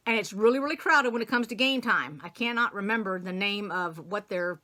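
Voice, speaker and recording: A woman's voice: mid-range voice, animated, fairly quick, sharp tone. A woman casually retelling a story she read, rambling, acting out the characters' lines and often laughing or admitting she forgot details. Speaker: quilting channel host.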